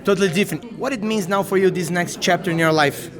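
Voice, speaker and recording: A young Brazilian man with a slightly high voice, host of a casual rugby-side interview. He sounds friendly and easygoing, speaking English with a Brazilian accent and Portuguese as his mother tongue. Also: fast, a crowd in the background.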